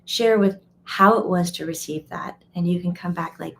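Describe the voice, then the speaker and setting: A woman hosting a casual live stream, chatty and animated, breaking into quoted voices and laughing often. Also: lowish voice, moderate pace, vocal fry, slight background noise. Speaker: medium and teacher. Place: home or studio, live stream.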